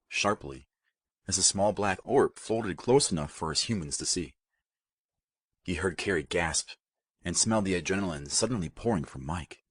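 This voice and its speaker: Male audiobook narrator, very low and husky, steady delivery. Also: no echo, clean studio sound. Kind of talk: scripted narration.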